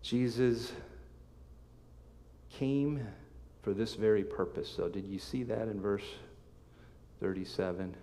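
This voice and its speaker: A man preaching a sermon as pastor, reading scripture aloud with emphatic swells and sudden soft drops. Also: fairly low pitch, steady tone, slow pace, long pauses. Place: church sanctuary. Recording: long hall reverb.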